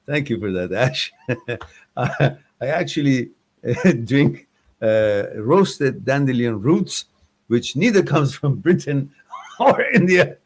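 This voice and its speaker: A man's voice: medium pitch, lively intonation, slow pace, slightly rough, rough recording. A man hosting a live chat stream, talking in a loose, rambling and informal way with hesitant restarts.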